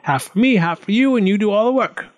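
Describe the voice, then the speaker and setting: A man voicing a lazy, greedy male goblin in a storybook reading, his voice pushed high and grumbling. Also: animated, fast, dry recording. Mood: sly.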